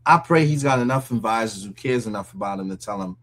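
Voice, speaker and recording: A man's voice: lowish voice, fast talker, fairly bright tone. Incredulous man ranting casually. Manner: incredulous, mocking, laughs often. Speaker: commentary host. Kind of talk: casual reaction commentary.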